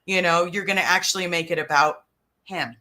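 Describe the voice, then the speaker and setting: A woman's voice: on the low side, fairly even intonation, fairly quick, pushed and bright. A woman hosting a casual livestream, talking in a chatty, rambling way. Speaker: livestream host.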